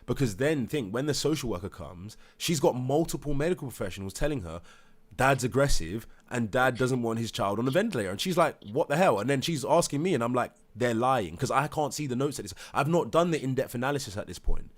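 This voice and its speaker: Brief: father, heated and animated, mimics others, swears freely. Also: medium pitch, brisk. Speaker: parent telling his story. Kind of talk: heated live debate.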